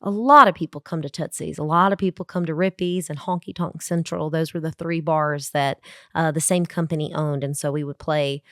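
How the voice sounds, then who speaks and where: A woman from Georgia talks through her early days as a country singer. Her voice sits a little low and is recorded dry, as over a remote call. She is chatty and animated and acts out the people in her stories. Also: fairly quick, no echo. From Georgia, USA. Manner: chatty, animated anecdotes with acted quotes and fillers. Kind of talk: casual storytelling in a podcast interview. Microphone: remote call from Nashville.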